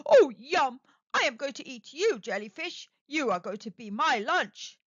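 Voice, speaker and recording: A woman's voice: sits high, big pitch swings, measured pace, no echo. A woman voicing a hungry young female shark in a children's storybook, eager and greedy, breaking into sobbing boo-hoos. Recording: dull, slightly lo-fi, dry.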